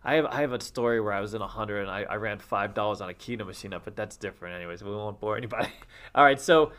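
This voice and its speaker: A man hosting a casual conversation, rambling and animated as he tells casino stories. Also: on the low side, quick pace. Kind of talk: casual podcast chat.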